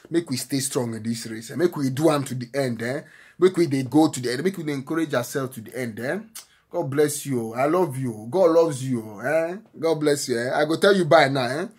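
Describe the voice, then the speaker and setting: In a slightly rough, mid-range voice, a Nigerian man with a Nigerian accent vlogs words of encouragement. His talk on prayer and faith is spontaneous and earnest, with lots of repetition and lines that often end in "eh?".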